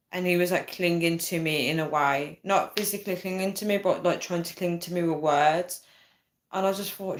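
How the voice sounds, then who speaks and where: A young woman talks casually to her viewers in a slightly low voice. She tells a personal story and reads out live comments, keeps checking in with "right?" and "guys", and breaks into laughs now and then. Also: steady tone, moderate pace. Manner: chatty, frequent "right?" and "guys", laughs often. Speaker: vlogger reading live chat.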